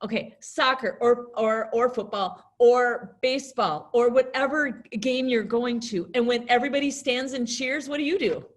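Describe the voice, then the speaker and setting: A middle-aged American woman teaching a class in a lively, chatty way, acting out little scenes as she explains. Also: fairly high pitch, unhurried. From United States. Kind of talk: classroom lesson talk.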